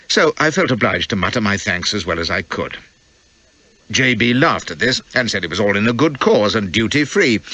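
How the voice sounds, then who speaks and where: A man's voice: lowish voice, sharp tone, no room sound, rough recording. A man reading an audiobook in a wry, sardonic first-person voice. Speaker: audiobook narrator. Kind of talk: audiobook narration.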